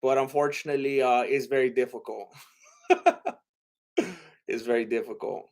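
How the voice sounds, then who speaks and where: A man's voice: medium pitch, steady tone, moderate pace, darkish tone. A young man hosting a casual livestream and reading out chat, talking in a rambling, hesitant way with lots of fillers and restarts.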